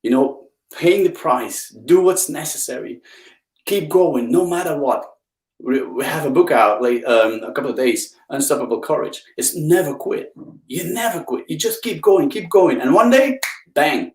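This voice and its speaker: Animated Belgian man telling stories. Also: moderate pace, reverberant, poor audio. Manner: enthusiastic storyteller, swings pitch up for emphasis. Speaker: guest speaker. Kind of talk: live interview chat. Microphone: video call.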